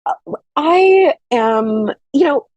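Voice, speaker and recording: Woman, young, animated casual storytelling, dry close sound. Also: high-pitched, extremely slow, no room sound, lo-fi sound.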